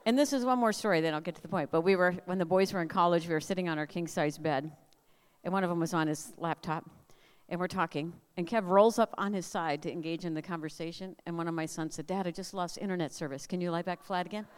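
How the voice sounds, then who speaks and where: A woman's voice: fairly low pitch, fast, clear, resonant tone. Older woman telling funny stories in a hall. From Minnesota. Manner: animated, humorous storyteller. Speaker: speaker at family camp. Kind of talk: storytelling sermon. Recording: long hall reverb.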